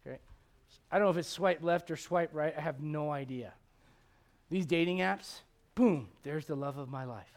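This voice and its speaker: Animated, high-voiced male preacher. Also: moderate pace. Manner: animated, joking with the congregation. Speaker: pastor. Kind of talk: sermon. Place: church.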